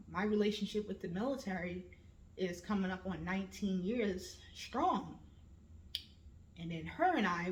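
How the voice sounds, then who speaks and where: A woman in her late thirties hosting a casual personal monologue, with lively storytelling that slips into voices when she quotes her family. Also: mid-range voice. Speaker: vlog host. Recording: roomy echo.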